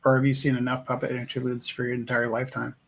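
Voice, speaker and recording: A man's voice: mid-range voice, monotone, fast talker, creaky, fairly bright tone. A man chatting casually while making art on a live stream, musing aloud and poking fun at himself. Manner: musing, rambling, self-deprecating.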